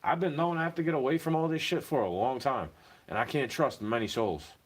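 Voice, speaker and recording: A man rants into the camera in a rambling stream, swearing freely. His voice keeps jumping up in heated bursts before sinking back low. The pitch sits in an ordinary middle range for a man. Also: fairly quick. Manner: agitated, profane, rambling, voice rising in bursts. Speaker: vlogger. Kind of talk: ranting monologue.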